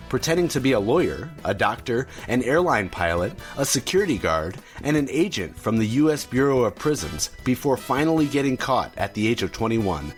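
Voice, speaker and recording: A man hosting a solo podcast, talking casually and rambling a bit with fillers and restarts. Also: mid-range voice. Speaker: podcast host.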